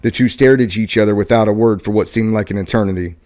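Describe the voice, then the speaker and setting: A man hosting a podcast who reads a book passage aloud at a steady pace, now and then stumbling and correcting himself. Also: on the low side, quick pace. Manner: steady reading with occasional stumbles and self-corrections. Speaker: podcast host.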